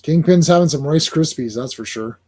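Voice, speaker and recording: Man, podcast host, casual, rambling, easy laugh, slightly high voice. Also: normal speed, darkish tone, slightly rough. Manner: laid-back, rambling, laughs often. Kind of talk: casual comic book discussion.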